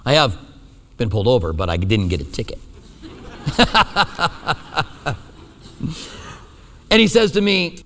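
A male pastor preaching a sermon, telling a personal story with lively, self-deprecating humor. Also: fairly high pitch, moderate pace, long pauses, big-room sound.

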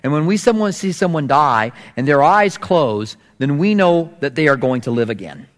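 Middle-aged male pastor, lively storytelling sermon delivery, slightly high voice, long hall reverb. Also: moderate pace. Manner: storytelling preacher, acts out voices with big swings in pitch.

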